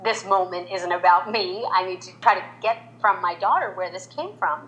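A woman in her forties with a slightly low voice tells a story in an interview. She is animated, jumping up higher whenever she acts out what someone said. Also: moderate pace, low-quality recording. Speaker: makeup artist, guest.

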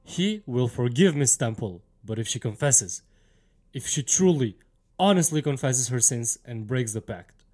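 A man's voice: medium pitch, animated, unhurried, a little mellow. A man playing a church council father who speaks solemnly and with authority in an audio drama. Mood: grave. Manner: solemn, commanding.

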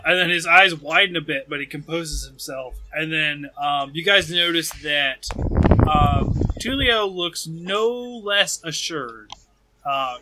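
A man narrating a tabletop game as game master, unhurried and halting, with many fillers and chuckles. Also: on the high side, bright, forceful tone.

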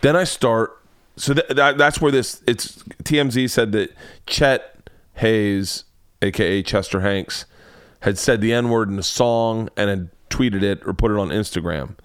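A man's voice: lowish voice, unhurried, smooth, no echo, studio quality. Rambling, profane male comedian. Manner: profane, self-interrupting storytelling. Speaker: comedian and podcast host. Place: home man cave.

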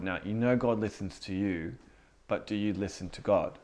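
A man's voice: fairly low pitch, unhurried, a little mellow. A young man in his twenties giving a casual spoken teaching as a youth pastor, talking in a conversational way with frequent fillers and repeated words.

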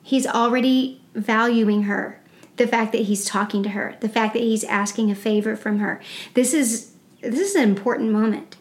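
Woman podcast host for Bible study, bright higher voice, earnest and exclamatory. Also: moderate pace. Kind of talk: Bible study discussion and scripture reading. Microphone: podcast microphone.

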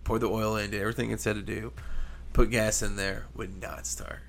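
A man's voice: lowish voice, level tone, a little fast, vocal fry, a bit bright, slight background noise. A man telling a long casual story as a podcast co-host, swearing often and imitating engine noises.

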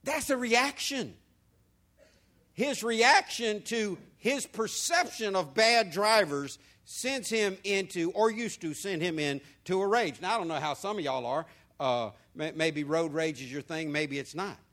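A man delivers a sermon from the pulpit, his voice sitting a little high for a man. He moves between quiet, confiding asides and sudden loud, emphatic points. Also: a little slow. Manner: lively preaching with swings from soft to loud. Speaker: pastor.

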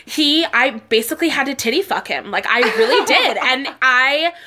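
High bright-voiced woman telling dating stories. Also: lively intonation, moderate pace. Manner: storytelling, lots of "like" fillers. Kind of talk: casual group chat.

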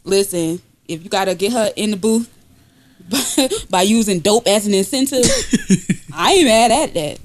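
A young woman co-hosting a casual comedy podcast, joking loudly, laughing often and breaking into shouts and sung lines. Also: lively intonation, unhurried. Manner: loud, laughing often, bursts into high singing and shouting. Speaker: podcast co-host.

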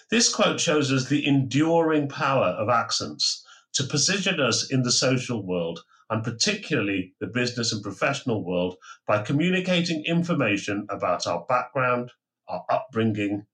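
A man hosting a podcast, reading a formal introduction in a measured way with touches of humor. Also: medium pitch, fairly bright tone. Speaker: podcast host.

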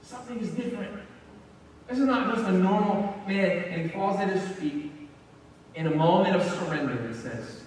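High-voiced pastor preaching in an echoey hall. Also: male voice, normal speed, a little hiss or hum. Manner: conversational, animated storytelling with asides to the congregation. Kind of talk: sermon. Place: church sanctuary. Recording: echoey hall, mic from far off.

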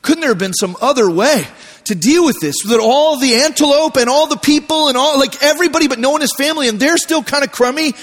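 High-voiced preacher in a reverberant hall. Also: male voice, fast. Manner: conversational storytelling with lively voiced asides. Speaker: pastor. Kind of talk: sermon.

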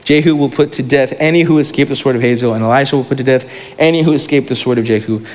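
A man's voice: mid-range voice, quick pace, long reverb tail. A young man preaching a sermon in a casual, slangy way, reading scripture aloud between asides.

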